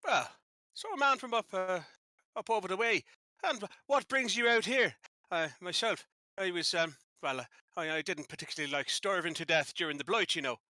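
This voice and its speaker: A man's voice: sits high, normal speed, bright, forceful tone, no echo, clean studio sound. A man voicing a chatty Irish stage magician from Dublin, rambling in a folksy, lilting way. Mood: cheerful.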